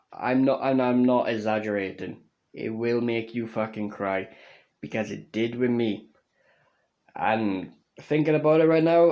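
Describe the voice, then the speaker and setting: A young man casually reviewing a video game, slow and halting, swearing constantly and restarting his words, earnest and emotional. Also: mid-range voice, dark tone.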